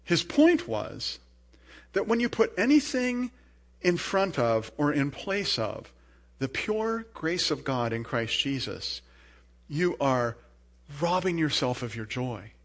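Pastor, male, fairly high voice, preaching with emphatic swells and quiet asides. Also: big pitch swings, slow pace. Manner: earnest, emphatic preaching with rising bursts and soft asides. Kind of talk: sermon.

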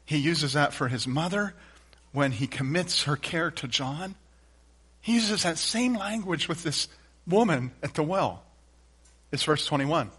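A man preaching a sermon in an emphatic style, returning to refrains and swinging between loud and hushed lines. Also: a little high, lively intonation, unhurried, breathy edge. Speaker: pastor.

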